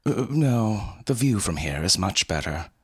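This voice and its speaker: A man's voice: lowish voice, big pitch swings, measured pace, husky, no room sound, clean studio sound, voice pushed up, heavily acted. A man voicing a snooty, petulant talking male cat who lectures in a condescending tone.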